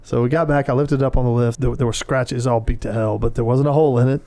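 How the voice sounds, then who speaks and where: A man's voice: medium pitch, fairly even intonation, fast talker, mellow, no room sound. A middle-aged man, telling a story in casual podcast chat and acting out his own lines.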